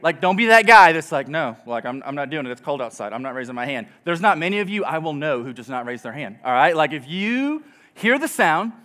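A man in his thirties preaching a sermon in a church, telling family stories with lively acted-out quotes. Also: a little high. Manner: animated storytelling, acts out quotes. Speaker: pastor. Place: church auditorium.

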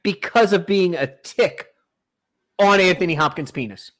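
A man co-hosting a podcast in casual comedic chat. He delivers absurd jokes in a deadpan way and swears. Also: high-pitched, measured pace. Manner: deadpan absurd joking, profane. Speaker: podcast co-host.

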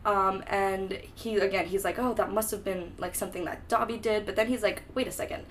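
A young woman chatting on a podcast in an easygoing, sarcastic way, swearing freely as she sums up the story. Her voice sits at a middling pitch. Faint background noise sits under the recording. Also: steady tone, a little fast. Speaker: podcast co-host. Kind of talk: casual book-discussion chat.

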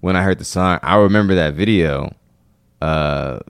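A man co-hosting a podcast in casual chat, teasing and cutting in with quick jokes. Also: sits low, smooth, no room sound. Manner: teasing, quick interjections, laughs often. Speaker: podcast co-host.

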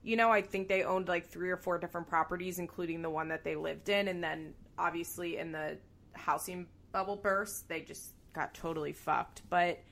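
A woman's voice: fairly low pitch, normal speed, gravelly. Chatty woman podcaster, lots of "like". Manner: chatty, animated, swears casually, laughs often. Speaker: podcast co-host. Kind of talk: casual chat recapping a reality show.

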